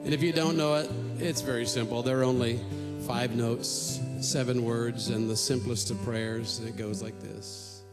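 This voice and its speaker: A man's voice: medium pitch, steady tone, moderate pace, hardly any pauses. A male singer-songwriter on a live stage, telling rambling jokes between songs. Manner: rambling, joking storyteller. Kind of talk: comic concert patter between songs. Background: acoustic guitar.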